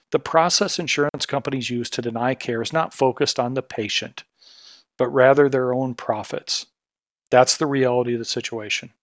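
A middle-aged man delivers a scripted podcast commentary, earnest and increasingly indignant. His voice sits at an ordinary pitch and is recorded close and dry, with no room sound around it. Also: a bit bright, no room sound. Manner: earnest and indignant, building to pointed outrage. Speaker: podcast host, healthcare consultancy CEO.

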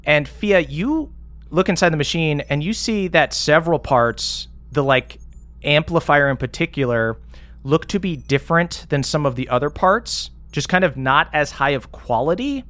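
A man's voice: fairly high pitch, animated, normal speed, fairly bright tone, no echo. A man running a tabletop game as game master, narrating casually with many hesitations.

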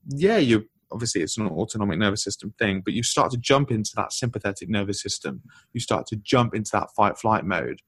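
A man's voice: mid-range voice, breathy edge, no echo. Man explaining animatedly, dry close sound. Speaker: podcast guest, author. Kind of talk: explanatory conversational talk.

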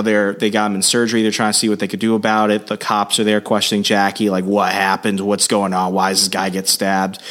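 A man co-hosting a casual podcast, recapping a story in an animated way. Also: lowish voice. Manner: animated storyteller, slips into voices. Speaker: podcast co-host. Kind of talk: casual chat, recapping a comic.

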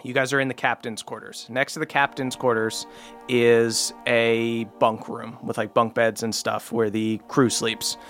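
Brief: male game master narrating a scene, easygoing and bright-toned. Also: medium pitch, little pitch movement, a little slow, faint music behind. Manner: descriptive, laid-back, frequent "uh".

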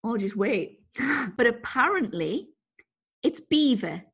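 Woman cohosting a podcast, husky voice, swoops all over, laughs a lot. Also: medium pitch, moderate pace. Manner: laughs often, animated storytelling. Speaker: podcast co-host. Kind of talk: casual chat.

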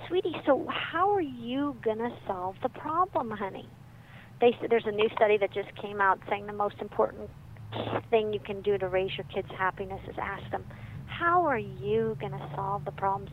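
A middle-aged woman, a psychiatrist and author, telling stories in a lively, animated way as a guest. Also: medium pitch. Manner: lively, animated storyteller who laughs often. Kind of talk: storytelling in a conversation. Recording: muffled with faint background noise.

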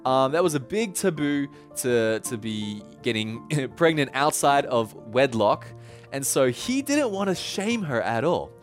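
A young man giving a casual Bible teaching, chatty and animated, often laughing as he tells the story. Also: mid-range voice, unhurried, soft background music. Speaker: preacher.

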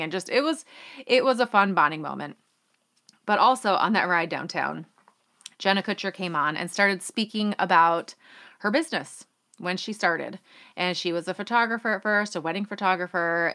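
A woman hosting her own business podcast, telling a personal story in a chatty, animated way and acting out the quotes. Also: mid-range voice. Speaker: podcast host.

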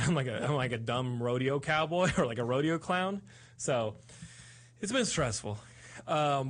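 A man hosting a podcast in casual chat, rambling and excitable. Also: mid-range voice. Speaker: podcast host.

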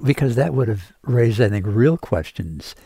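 A man's voice: medium pitch, lively intonation, normal speed, gravelly, dark tone, breathy edge, no echo. A man in a Bible study discussion who thinks aloud in a reflective, musing way.

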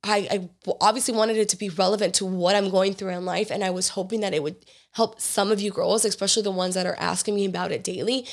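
A woman hosting a casual solo podcast, hoarse and raspy from being sick, talking in an earnest, open way with lots of casual fillers. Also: mid-range voice, fairly even intonation, fast talker. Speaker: podcast host.

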